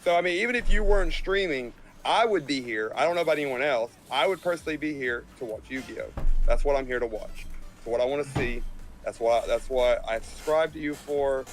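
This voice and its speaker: A man's voice: medium pitch, brisk, soft background music, poor audio. A man in casual chat, talking emphatically, repeating himself and swearing casually.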